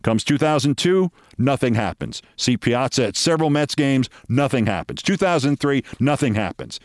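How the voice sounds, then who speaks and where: A man's voice: medium pitch, lively intonation, normal speed, dry recording, studio quality. A man in his sixties hosting a show, telling a personal story in a wry monologue and acting out the voices of the people in it.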